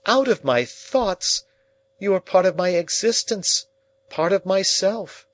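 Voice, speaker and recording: A man's voice: medium pitch, expressive, normal speed, dry recording, pitched above the performer's own voice, lightly acted. A man reading the part of an anguished young man pleading with the woman he loves, in a storybook reading. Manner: pleading, earnest, emotional.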